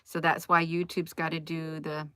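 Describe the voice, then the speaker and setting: A vlogger speaks into her phone, rambling and thinking out loud, often cutting off to start her sentences over. Her somewhat low voice is a bit bright, with a totally flat delivery at a normal pace, and the audio is dry and close with no room echo.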